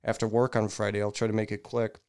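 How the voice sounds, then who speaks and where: A man's voice: on the low side, fast, clean tone. A man co-hosting a podcast, telling a rant in casual chat and acting out people he talks about. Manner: animated ranting storyteller, mimics people in loud raised voices. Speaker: podcast co-host.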